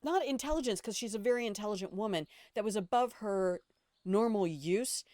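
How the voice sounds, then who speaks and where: A woman's voice: medium pitch, brisk, darkish tone, no room sound, studio quality. Blunt, foul-mouthed older woman streamer. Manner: blunt, opinionated, swears freely; rambling asides and restarts. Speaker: game streamer. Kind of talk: casual gameplay commentary.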